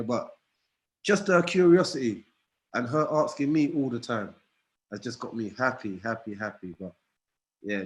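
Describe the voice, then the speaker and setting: A middle-aged man, a guest on a video call, telling lively stories about his children and laughing often. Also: medium pitch. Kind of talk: casual storytelling.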